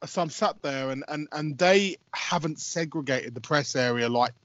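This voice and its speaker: A man's voice: fairly high pitch, moderate pace, fairly bright tone, no room sound. A man who works as a football radio commentator. He tells a story in casual podcast chat, rambling, laughing and swearing, with many restarts, and he has a cold. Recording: dull lo-fi audio.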